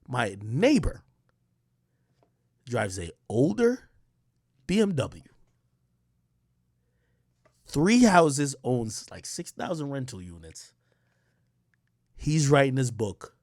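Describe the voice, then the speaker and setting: Animated, profane streamer with a lively voice. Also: male voice, mid-range voice, slow, pauses often, dry recording, studio quality. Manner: animated, profane, slangy, excitable. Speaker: streamer and commentator. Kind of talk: casual storytelling to a live stream.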